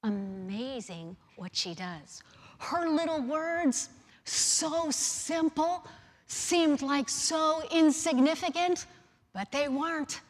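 In a sermon, a woman with a high voice and lively intonation preaches slowly, telling stories with emphasis and putting questions to the listeners. A large hall gives the sound a long reverb.

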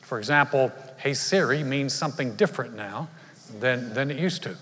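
Bright and a bit pushed, a man's mid-range voice moves at a moderate pace through a sermon in a large church, with the reverb of a live hall. The pastor keeps it conversational, mixing storytelling with humor and asides.

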